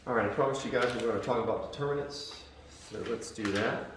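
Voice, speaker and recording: A man's voice: mid-range voice, fast talker, background noise. A male math teacher lecturing a class in a joking, conversational way, often checking in with his students. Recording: echoey classroom from far off.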